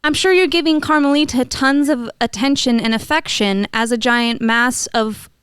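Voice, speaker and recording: Woman host, high and crystal clear, mock-earnest show patter. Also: moderate pace, a bit bright, dry recording, clean studio sound. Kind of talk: improvised comedy radio host.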